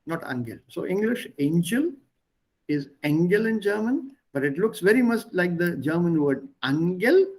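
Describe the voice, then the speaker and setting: A man teaching a language lesson online, explaining word pairs patiently with pauses. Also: high-pitched, big pitch swings, a little mellow, low-quality recording.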